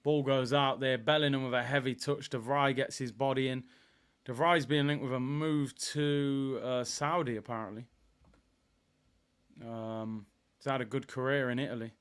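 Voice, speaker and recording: A young man hosting a live football watchalong, chatting casually with viewers and bursting into excitement. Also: medium pitch, normal speed, smooth. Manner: animated, banter with chat, bursts of excitement.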